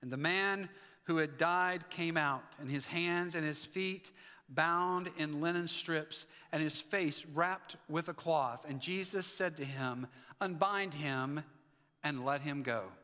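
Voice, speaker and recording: A male pastor preaching with animated energy, acting out the voices of the figures in his story. His voice sits high and bright. It rings out with a long reverb in a church sanctuary. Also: slow pace. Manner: animated, acts out the Bible figures' lines. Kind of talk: sermon.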